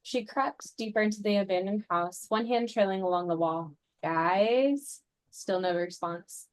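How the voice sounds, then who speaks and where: Woman, reads own story aloud, steady even delivery, mid-pitched voice. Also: moderate pace. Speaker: workshop participant reading her story. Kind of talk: reading own fiction aloud.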